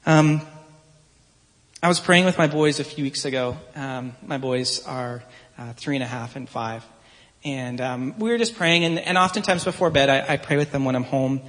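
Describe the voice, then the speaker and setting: A man in his thirties giving a relaxed, earnest sermon in a conversational, story-telling way. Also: mid-range voice, normal speed. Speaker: pastor. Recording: long reverb from a large hall.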